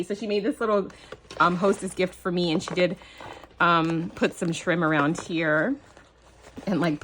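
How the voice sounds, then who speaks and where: A woman hosting a casual craft unboxing vlog, gushing and excitable, with lots of fillers. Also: lowish voice, slight background noise. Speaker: crafting channel host.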